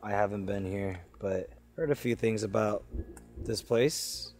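Low-voiced amazed man, music behind. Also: measured pace. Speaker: guest ghost hunter. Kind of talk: casual chat.

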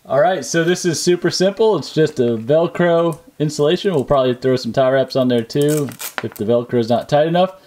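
A man in his thirties hosts a casual vlog with an easygoing, friendly delivery. He walks his kids and viewers through things in plain, relaxed words. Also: a little high, a little fast, hardly any pauses. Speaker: YouTube channel host and dad.

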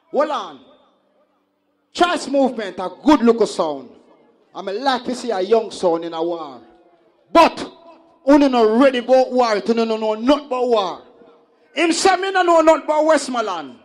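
A Jamaican man working as a sound system selector, hyping and calming the crowd in patois during a live sound clash. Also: very high voice, normal speed, long pauses. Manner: shouting at the crowd in patois, hoarse hype. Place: live outdoor dance event.

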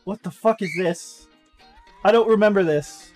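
A woman's voice: medium pitch, unhurried, a little mellow, soft background music, rough recording. A woman streamer giving casual gameplay commentary, full of frantic exclamations and cursing. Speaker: game streamer.

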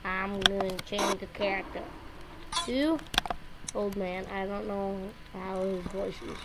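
A woman casually rambling through gameplay commentary, yelping and shouting whenever she loses. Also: mid-range voice, fairly even intonation, slow. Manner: rambling, yelps and shouts at game deaths. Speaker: gameplay video host. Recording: loud background noise.

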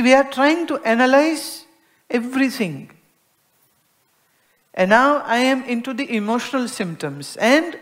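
An Indian-accented woman delivering a spiritual discourse to an audience. She speaks with lively expression, dropping to a soft hush and then rising to emphasis as she explains, often acting out little everyday exchanges. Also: on the high side. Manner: expressive, acts out everyday dialogues, swings between soft and emphatic. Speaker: spiritual teacher.

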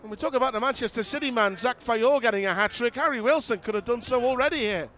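A man commentating on football match highlights, calm between chances and jumping up loud at goals. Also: fast talker. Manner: rises sharply and loud when goals go in. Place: outdoors at a windy football ground.

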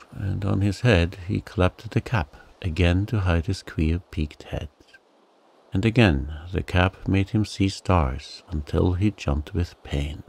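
A man reading a bedtime sleep story in a calm, soothing narration. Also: sits low, vocal fry.

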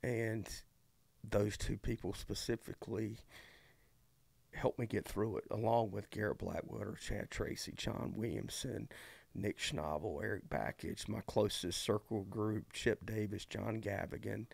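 A middle-aged man, a college baseball coach telling his story as a podcast guest in a folksy, animated way full of fillers and restarts. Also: lowish voice, measured pace, gravelly, no echo. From eastern North Carolina. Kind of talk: casual storytelling conversation.

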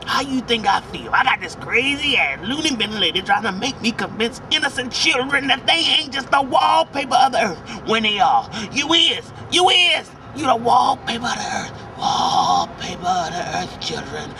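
A woman's voice: mid-range voice, big pitch swings, normal speed, gravelly, hardly any pauses, pushed and bright, recorded from a distance, slight background noise, pitched below the performer's own voice, heavily acted. A woman voicing a brash, foul-mouthed male puppet who insults and mocks in a crude, cackling way. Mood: ranting.

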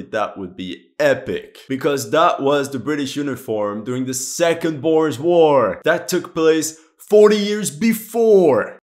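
A man of ordinary, mid-range pitch talks through a video game as an amateur historian. He is animated and often incredulous, breaking in with exclamations and laughter. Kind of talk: reaction commentary.

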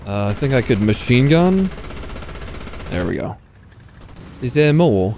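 A man's voice: mid-range voice, very animated, measured pace, darkish tone, faint music behind. A young man giving casual, self-mocking live commentary while playing a tank game, swearing and talking to himself. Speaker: gaming YouTuber. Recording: faint game noise behind. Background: game gunfire and vehicle sounds.

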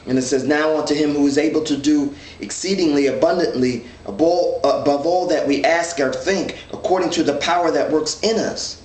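Guy leading a bible study, bit high voice, earnest, restarts a lot, echoey room, kinda far from the mic. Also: normal speed, few pauses, a little mellow. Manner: earnest, thinks aloud with restarts, reads scripture. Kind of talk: informal Bible teaching. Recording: echoey room, mic at a distance, faint ambience.

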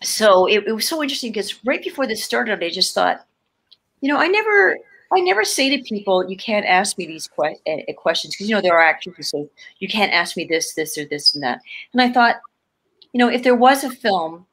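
A woman's voice: medium pitch, a little fast. A woman in her fifties, a guest actor from Canada, telling stories in a casual interview over a video call, laughing often and restarting her sentences. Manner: animated, laughing, many restarts.

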